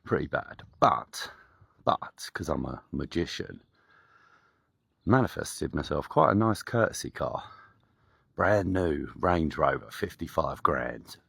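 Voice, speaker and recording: A man's voice: rumbling low, lively intonation, slow, vocal fry, fairly bright tone, breathy edge, no echo, clean studio sound. A man telling a rambling personal story in a chatty, swearing, casual way. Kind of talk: casual spoken anecdote.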